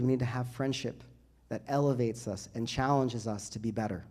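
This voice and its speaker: A man who is a priest, giving a sermon to a youth group in a church and building to loud, rising emphasis through repeated phrases. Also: medium pitch, steady tone, a little fast.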